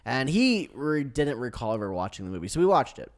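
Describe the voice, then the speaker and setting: A young man hosts a casual podcast chat at a middle pitch. He jokes and laughs easily, and his talk comes in quick bursts of excitement. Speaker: podcast host.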